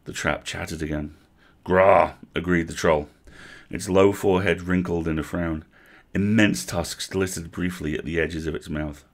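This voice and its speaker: A man reading a storybook aloud on a livestream, with vivid, animated narration. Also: low-pitched, normal speed. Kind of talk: expressive book reading.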